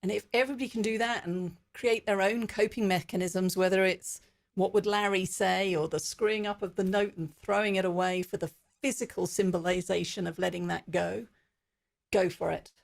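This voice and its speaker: A woman's voice: medium pitch, fairly even intonation, moderate pace, gravelly. A woman podcast host talking through ideas in an earnest, reflective way. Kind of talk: conversational interview.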